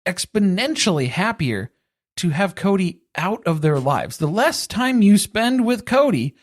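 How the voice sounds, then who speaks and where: A woman's voice: medium pitch, very animated, a little slow, no room sound. A woman co-hosting a podcast, recapping a reality show in casual chat with dry, sarcastic humor. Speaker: podcast co-host.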